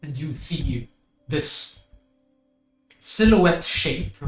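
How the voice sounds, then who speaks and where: A man narrating a tabletop game as game master, describing scenes slowly in the second person. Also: on the high side, lively intonation, a bit bright, echoey room, soft background music.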